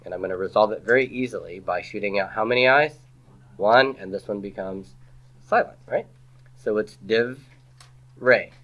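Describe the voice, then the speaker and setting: Bright-voiced man teaching a class. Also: fairly low pitch, fairly quick, lo-fi sound. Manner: quizzing students with rhetorical questions; playful asides. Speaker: Hebrew grammar teacher. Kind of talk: classroom lecture.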